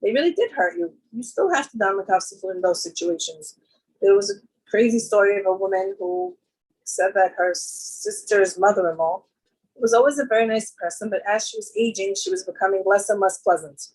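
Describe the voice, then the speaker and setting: Husky-voiced woman telling stories casually. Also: medium pitch, lively intonation, fairly quick, low-quality recording. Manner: conversational, with many fillers and jumps into quoted voices. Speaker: speaker at a women's gathering. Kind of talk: storytelling talk.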